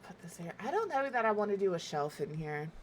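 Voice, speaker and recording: A woman's voice: medium pitch, sing-song, fairly quick, slight background noise. A young woman from the American South, chatting casually and rambling with self-mocking humor while she plays a game on stream. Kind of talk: casual chat while gaming.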